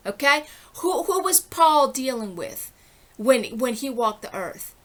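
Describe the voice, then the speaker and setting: A woman's voice: high voice, big pitch swings, a little slow, pushed and bright. A middle-aged woman giving an impassioned, rambling personal monologue, indignant and often breaking off to ask "okay?". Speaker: vlogger.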